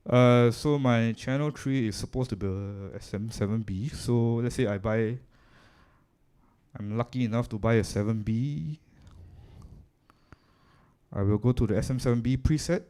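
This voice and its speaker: A man's voice: mid-range voice, normal speed, long pauses, warm tone, smooth. A man with a Singaporean English accent presents a live audio workshop, explaining gear in a casual, chatty way while chewing gum. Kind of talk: live technical demonstration. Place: live event room.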